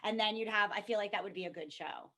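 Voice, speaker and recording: A woman's voice: mid-range voice, fast talker, pushed and bright. A woman co-hosting a podcast, chatty and laughing often in casual conversation. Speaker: podcast co-host. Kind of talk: casual chat.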